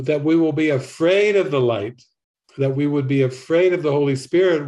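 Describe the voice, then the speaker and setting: A man giving slow, earnest spiritual commentary on a TV episode as a teacher. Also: fairly high pitch, warm tone.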